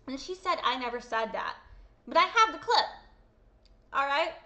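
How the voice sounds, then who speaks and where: Upset woman with a high bright voice. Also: very animated, normal speed. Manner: upset, swearing, repeating quotes. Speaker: vlogger. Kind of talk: angry personal callout vlog.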